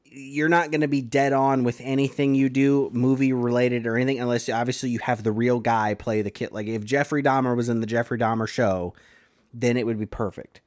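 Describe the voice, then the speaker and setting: A man's voice: medium pitch, steady tone, a little fast, a little mellow, no room sound, clean studio sound. A man with a Midwestern accent co-hosting a casual podcast, often trailing off and restarting his sentences. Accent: Ohio Midwestern. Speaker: podcast co-host. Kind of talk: casual chat.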